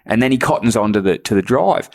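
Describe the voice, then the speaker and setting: A man's voice: fairly low pitch, animated, fast talker, creaky, a little mellow. A man, a podcast guest, telling a prank story in casual chat, swearing often and laughing at his own tale. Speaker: guest, bodyboarder.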